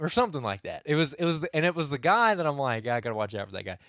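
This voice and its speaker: A man's voice: mid-range voice, big pitch swings, rapid-fire, hardly any pauses, fairly bright tone, no room sound, clean studio sound. A young man, co-hosting a casual podcast and telling a long story full of restarts and asides. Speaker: podcast co-host. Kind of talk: casual hunting podcast chat.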